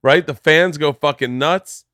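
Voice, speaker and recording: A man's voice: fairly high pitch, unhurried. A man hosting a podcast, telling stories in a casual, joking way, swearing freely and acting out voices. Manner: animated storyteller, swears freely, acts out voices. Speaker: podcast host. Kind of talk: casual comedic chat.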